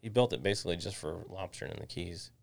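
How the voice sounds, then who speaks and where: A man, a realtor guest, telling casual animated stories and swearing freely. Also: deep voice, quick pace, gravelly. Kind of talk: casual storytelling chat.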